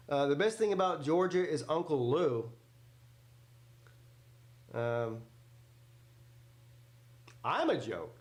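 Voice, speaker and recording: Guy yelling at a football game on a live stream, cussing, talking back to chat, kinda high voice, roomy echo. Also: lively intonation, slow pace, pauses often. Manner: loud, joking, swears freely, talks back to chat. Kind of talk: casual live reaction commentary.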